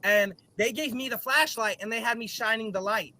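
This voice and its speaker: A young man from the South telling wild childhood stories in a casual, deadpan, nonchalant way, with frequent laughs. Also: high-pitched, moderate pace. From Southern US, North Carolina. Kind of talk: casual storytelling chat.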